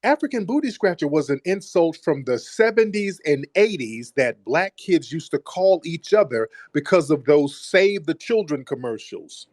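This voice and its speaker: A male host with a fairly high voice argues bluntly on his call-in show, brushing off the caller and hammering the same points. His voice sounds dry and close, with no room around it. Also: sing-song, normal speed, hardly any pauses, darkish tone, no echo. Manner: blunt, dismissive, repeats himself. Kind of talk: call-in debate.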